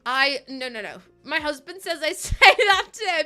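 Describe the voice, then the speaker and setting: A woman's voice: sits high, lively intonation, moderate pace, pushed and bright, soft background music. A woman chatting casually on a stream, laughing often and answering her chat.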